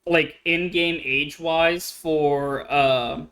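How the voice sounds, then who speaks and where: A woman's voice: deep voice, fairly even intonation, slow pace, a bit bright. A woman guest in casual chat, telling stories in a rambling way full of fillers. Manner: rambling storyteller, many fillers like "like". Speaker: guest streamer.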